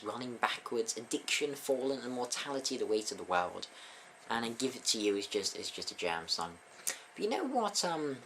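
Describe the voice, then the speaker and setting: A man hosting a casual album review, full of pauses and fillers. He speaks with a dry, sarcastic edge. His voice is bright, and his pitch moves around a lot. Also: slight background noise. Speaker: album reviewer, channel host.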